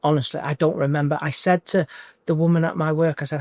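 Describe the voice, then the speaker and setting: Man, forties, coaching client in an emotional interview; halting and repetitive delivery, slightly high voice, dry close recording. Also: level tone, a little mellow, no room sound. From United Kingdom. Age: 40s. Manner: halting, repeats himself, restarts phrases.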